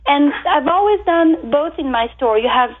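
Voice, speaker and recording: A woman's voice: high-pitched, lively intonation, moderate pace, slight background noise. A woman from France with a French accent, a bakery owner talking emphatically and repeating her words as a guest on a casual radio interview. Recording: tinny phone-like line.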